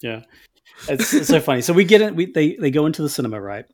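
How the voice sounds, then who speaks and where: A man's voice: fairly high pitch, sing-song, fast, darkish tone. A man co-hosting a casual film review podcast, retelling scenes with frequent laughter. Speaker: podcast co-host.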